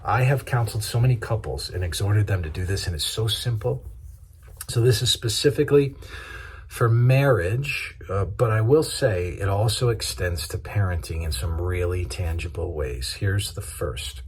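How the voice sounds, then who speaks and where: A man's voice: lowish voice, animated, a little slow, darkish tone, breathy edge. A man pastor giving a conversational, practical sermon, acting out everyday examples as he teaches.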